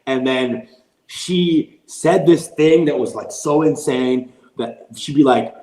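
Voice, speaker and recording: A man's voice: medium pitch, slow, echoey room, rough recording. A man, a comedian, casually telling a rambling, profane story in a podcast conversation. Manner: rambling, profane, animated retelling. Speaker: guest comedian.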